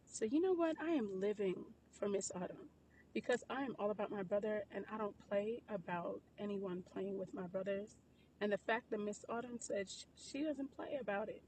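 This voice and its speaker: A woman's voice: medium pitch, normal speed, darkish tone, a little hiss or hum. Woman creator, casual gossip chat, chatty and informal, laughs in disbelief. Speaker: social media commentator. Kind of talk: casual gossip commentary to followers.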